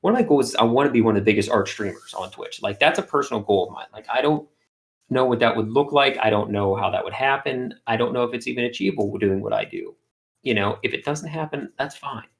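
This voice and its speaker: Brief: lower-pitched man, eager guest, lots of "like" and "you know". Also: fast, vocal fry. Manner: energetic storyteller, lots of fillers. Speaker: guest, art streamer. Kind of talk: casual interview chat.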